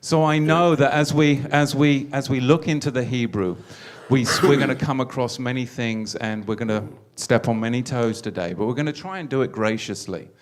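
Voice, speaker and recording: A man's voice: medium pitch, normal speed, few pauses, a little hiss or hum. A man hosting a religious teaching talk, earnest and preacherly, often repeating his words as he builds a point. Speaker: host.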